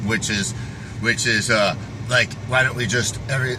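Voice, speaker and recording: A man's voice: medium pitch, steady tone, normal speed, background noise. A man giving a rambling, profane vlog monologue, often breaking off and restarting his sentences. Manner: profane, restless, self-interrupting. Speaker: fitness vlogger.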